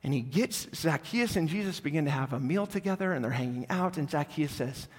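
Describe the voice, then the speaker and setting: Pastor preaching in a reverberant sanctuary. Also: male voice, lively intonation, brisk, few pauses, husky. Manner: storytelling, falls soft and low when inviting. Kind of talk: sermon. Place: church sanctuary. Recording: long hall reverb.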